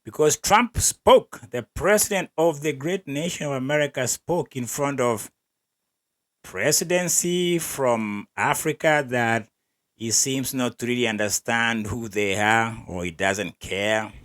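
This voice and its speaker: A man's voice: mid-range voice, a little slow, a bit bright. A man hosting an athletics podcast, giving wry, opinionated commentary and laughing between remarks. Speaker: podcast host.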